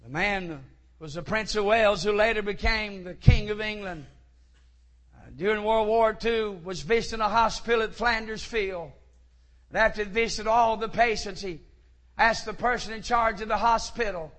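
High bright-voiced male preacher. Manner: rises to shouted fervor in quoted lines. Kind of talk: sermon storytelling.

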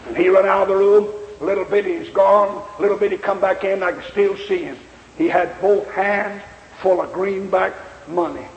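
A male preacher telling a story in a sermon, with a folksy, emphatic manner and a gravelly voice, recorded in an echoey hall with faint noise. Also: sits high, fairly even intonation, normal speed, muffled recording.

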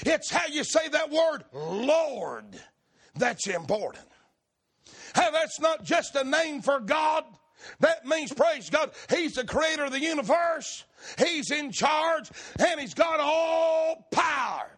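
A man preaching a fervent, shouted sermon, with rhythmic repeated phrases that build up. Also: very high voice, lively intonation, slow.

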